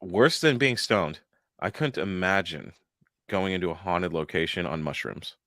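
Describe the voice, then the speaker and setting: A young man chatting loosely as a podcast co-host, his lower voice swinging through a lively range. He laughs often and swears freely, and the sound is bright and dry. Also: normal speed, dry recording. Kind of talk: casual chat.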